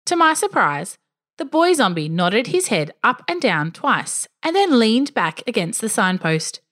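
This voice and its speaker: A woman's voice: on the high side, measured pace. A woman narrating a scripted first-person story with a dry, wry touch. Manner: expressive, dryly wry first-person telling.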